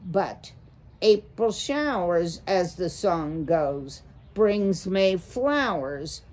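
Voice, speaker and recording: A woman's voice: lowish voice, lively intonation, very slow, a little mellow. A woman playing a fawning, jittery father mouse. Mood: fawning, nervous. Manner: jaunty, flustered.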